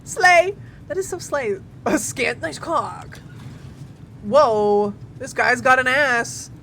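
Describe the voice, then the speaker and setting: A woman's voice: fairly high pitch, slow, sharp tone, slight background noise. A woman streaming a game, chatting playfully with her viewers and giggling often. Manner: giggly, playful, talks to chat. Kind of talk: casual gaming stream chat. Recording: faint game music behind.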